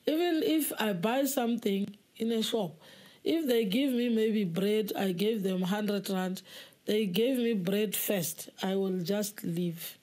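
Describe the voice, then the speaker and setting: A woman giving a personal testimony in a halting way, repeating words and acting out the dialogue she quotes. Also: medium pitch, darkish tone. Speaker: testimony speaker.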